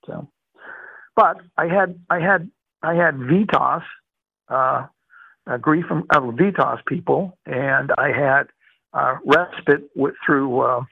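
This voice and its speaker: Speaking slowly in a mid-range voice that's slightly rough with vocal fry, this retired older Boston man shares his life story during an oral history interview. He rambles warmly, filling gaps with fillers and starting over now and then. The recording is dry and tinny, like a phone call.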